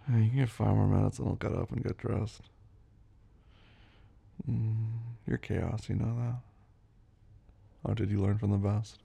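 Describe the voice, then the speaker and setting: A man performing an intimate audio role-play, murmuring low and teasing, often breathy and drifting into soft whispers. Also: fairly even intonation, slow, pauses often, dull audio.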